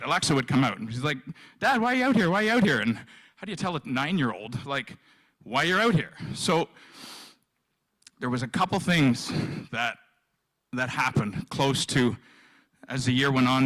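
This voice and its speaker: A man in his fifties giving an emotional personal testimony at a live event, halting and often repeating himself. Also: mid-range voice, fairly bright tone, poor audio. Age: 50s. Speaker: guest speaker sharing his story.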